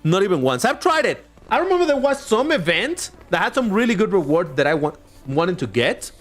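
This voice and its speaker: A man livestreaming himself playing a racing game, chatty and opinionated. His voice sits a little high and swings widely, with sudden excited jumps. Soft music runs underneath. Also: fairly quick. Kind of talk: live gameplay commentary.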